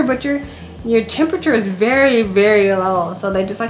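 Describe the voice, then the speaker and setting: A woman in her thirties chats through a personal story, animated and switching into the voices of the people she quotes. Her voice sits a little high. The recording is roomy and echoey with a faint hiss of noise behind her. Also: brisk. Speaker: vlogger. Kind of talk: casual storytelling.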